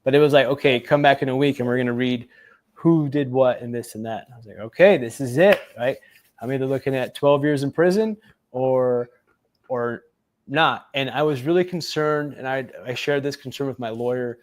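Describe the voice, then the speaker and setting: A man's voice: mid-range voice, normal speed. A man, a former Navy SEAL, telling a long personal story in a casual interview, with lots of fillers, acting out the voices of the people he quotes. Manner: animated retelling, acts out quoted voices, many fillers.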